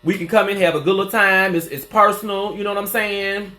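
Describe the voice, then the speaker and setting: With a level tone and a slightly quick pace, this stylist host in his 40s chats sassily with live viewers, calling them girl and honey as he shows off his small salon. His voice is high and bright, and the room is echoey.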